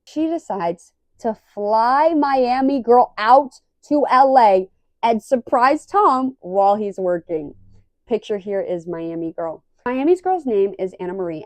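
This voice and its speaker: A young woman casually recapping a reality show, animated and acting out the quoted lines. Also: mid-range voice, normal speed, no echo. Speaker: recap vlogger.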